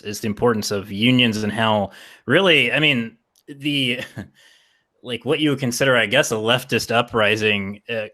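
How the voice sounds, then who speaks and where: A man's voice: lowish voice, sharp tone. A man from West Virginia hosting a podcast, talking in a rambling, casual way and swearing freely. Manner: rambling, lots of fillers and restarts, swears freely. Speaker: podcast host.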